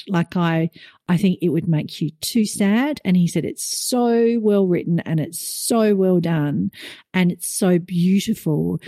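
A middle-aged woman, a podcast co-host telling a story in casual chat, animated and rising in pitch when moved. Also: no echo, studio quality.

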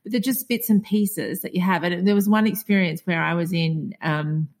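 A woman in her forties with an Australian accent, co-hosting a casual podcast chat and telling lively stories. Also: on the low side, moderate pace. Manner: chatty storyteller, acts out quoted dialogue. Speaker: podcast co-host.

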